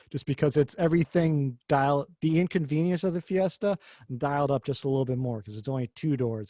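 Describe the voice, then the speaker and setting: A man's voice: mid-range voice, mellow, no echo. A man hosting a podcast, talking cars in a rambling, jokey way and swearing casually. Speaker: podcast host. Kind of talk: casual car chat.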